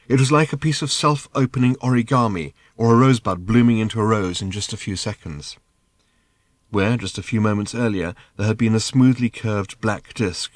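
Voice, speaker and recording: Lively male audiobook narrator. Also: on the low side, no echo, clean studio sound. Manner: measured, lively storytelling. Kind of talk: scripted narration.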